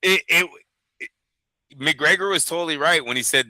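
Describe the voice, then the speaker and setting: A man's voice: fairly high pitch, expressive, moderate pace, pushed and bright, no room sound, rough recording. A man co-hosting a fight news show, giving blunt, opinionated takes with plenty of swearing. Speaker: boxing show co-host. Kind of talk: casual profane news chat.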